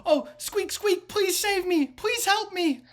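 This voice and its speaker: A man voicing a small, ragged rat-faced man who squeaks and pleads for help in a tabletop game. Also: slow pace, fairly bright tone, exaggerated voice. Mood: pleading.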